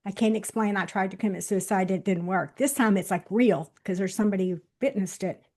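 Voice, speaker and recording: A woman in her sixties, a guest on the show, telling a personal story straight to viewers, swinging between loud bursts and hushed moments. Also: medium pitch, a little fast. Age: 60s. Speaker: interview guest.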